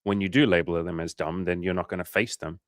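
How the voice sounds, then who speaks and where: With a low voice, fairly even intonation, and a quick pace, a young dating coach runs a casual livestream. He goes through viewer comments, joking, swearing, and reassuring, all in clean studio sound with no echo.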